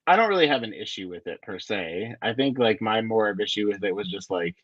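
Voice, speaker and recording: A man's voice: lowish voice, expressive, fairly quick, a bit bright, no room sound. A man co-hosting a podcast in casual chat, hesitant and searching for words, recorded through earbuds. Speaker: podcast co-host. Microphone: AirPods. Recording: dull earbud mic sound.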